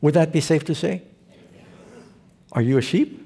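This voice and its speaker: A man's voice: on the high side, unhurried, creaky, dark tone, breathy edge. A man preaching a sermon, telling stories with humor and putting rhetorical questions to his congregation. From Southern California. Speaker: pastor.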